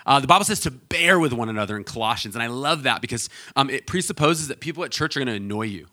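A male pastor preaching a sermon in a relaxed, storytelling way, with lots of fillers and restarts. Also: mid-range voice, fast. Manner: storytelling, conversational with many fillers.

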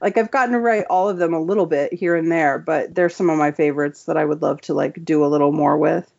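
A woman's voice: sits low, fast talker, gravelly, darkish tone. Chatty woman on dull lo-fi audio. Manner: chatty, enthusiastic, many "like" and "um" fillers. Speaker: comic book writer, guest. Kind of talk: casual interview chat.

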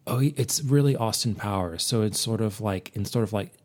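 A man reviewing a movie in a comic, rambling monologue, holding a low, put-on sultry persona voice with many fillers. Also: fairly quick. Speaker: podcast film reviewer.

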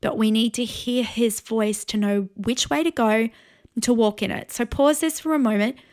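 A woman pastor in her forties giving an earnest, encouraging teaching sermon, pausing to invite listeners to pray. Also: fairly high pitch, darkish tone.

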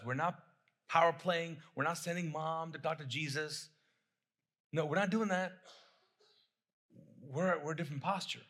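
A man's voice: on the high side, a bit bright, breathy edge. A middle-aged man preaching a sermon as pastor, talking conversationally, repeating phrases and putting questions to the congregation.

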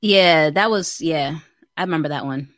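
A woman co-hosting a podcast in casual chat, expressive and joking. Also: low-pitched, normal speed, no echo. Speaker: podcast co-host.

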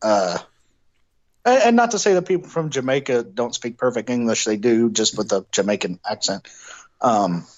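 A man co-hosting a casual podcast chat, talking in a measured, hedging way. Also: medium pitch, expressive, lo-fi sound. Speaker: podcast co-host.

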